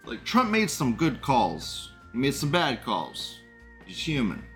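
A man's voice: mid-range voice, huge pitch swings, slow, fairly bright tone, soft background music. A man hosting a live stream, reading chat comments aloud and commenting in a rambling, indignant way, swearing and laughing often.

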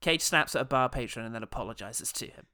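Bright, crisp-voiced male podcast host. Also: mid-range voice, fast talker. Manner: listing points, chuckling often. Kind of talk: casual film review chat.

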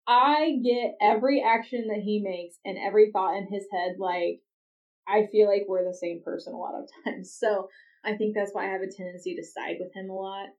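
A woman's voice: mid-range voice, steady tone, moderate pace, a little mellow. A woman hosting a podcast, recapping a TV episode in casual chat with chatty, exasperated asides. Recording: dull, slightly distant lo-fi recording.

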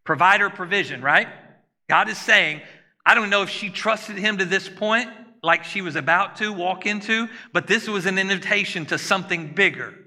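A man's voice: sits high, normal speed, sharp tone, long reverb tail. A man preaching a sermon to a congregation in a conversational style, often putting questions to them. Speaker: pastor.

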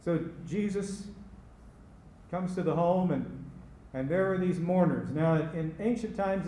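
A man preaching a sermon as pastor, slow and emphatic, repeating key phrases. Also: high-pitched, lively intonation, warm tone, slight background noise. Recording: echoey room with faint ambience.

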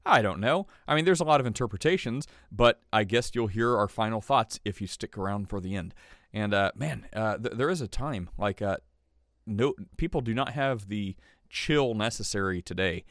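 A man's voice: lowish voice, lively intonation, normal speed, a bit bright, dry recording. A man hosting his own podcast, talking in a chatty, rambling way and getting a little worked up. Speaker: podcast host. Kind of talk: casual podcast monologue.

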